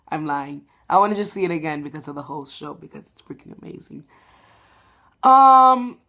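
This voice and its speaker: A woman's voice: fairly low pitch, fairly bright tone. A young woman giving a rambling, gushing spoken review of a stage show, full of "like" and "um". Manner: gushing, rambling, heavy "like" and "um" fillers. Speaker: theater reviewer vlogger.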